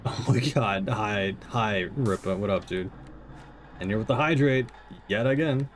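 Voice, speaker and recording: A man's voice: lowish voice, unhurried, slight background noise. A young man streaming a game, chatting casually and rambling with his viewers. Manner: rambling, chatty, laughs often.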